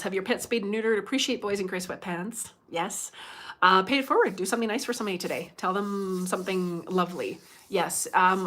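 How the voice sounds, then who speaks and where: A woman's voice: medium pitch, a bit bright. A middle-aged woman from Canada chatting on her own livestream as a medium. She chats freely, acts out what other people said and laughs often. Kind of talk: casual livestream chat.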